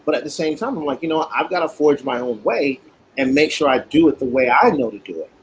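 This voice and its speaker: A man of middle pitch, a cigar-maker guest, tells stories in a lively, animated way. He voices other people's words as he recounts them. A faint background hiss sits under his voice. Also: fast talker, poor audio. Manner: animated, acts out quotes. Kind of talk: casual storytelling.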